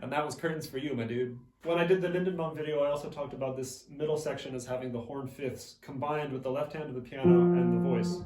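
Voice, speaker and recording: A man's voice: fairly high pitch, quick pace, warm tone, echoey room, distant mic, rough recording. A man who plays piano, explaining a song in a casual, enthusiastic way. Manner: enthusiastic, casual asides, reads German lines aloud. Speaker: Lied pianist. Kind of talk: explaining music analysis.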